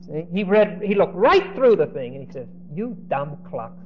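A man preaching and teaching verse by verse, acting out the quoted speech of the people in the story with lively shifts, and often repeating words as he starts a line. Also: high voice, normal speed. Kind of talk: expository Bible teaching. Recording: dull lo-fi recording with faint hiss.

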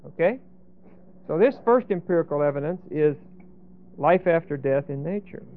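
A man's voice: on the high side, expressive, normal speed. A man teaching a Bible passage in an explanatory, emphatic way, often checking in with "okay?" and "see?". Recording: tinny phone-like lo-fi sound.

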